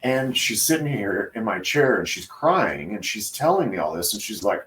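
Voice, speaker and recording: A man, a hairdresser co-hosting a podcast, tells a story in a relaxed way with many pauses and fillers. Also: fairly low pitch, far from the mic. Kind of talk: casual podcast chat.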